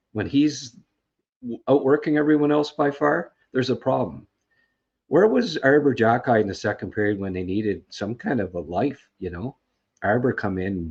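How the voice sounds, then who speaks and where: A man's voice: lowish voice, darkish tone, husky. A man hosting a podcast, giving a casual game recap in a frustrated, rambling way, full of fillers and restarts. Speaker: podcast host. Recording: dull lo-fi sound.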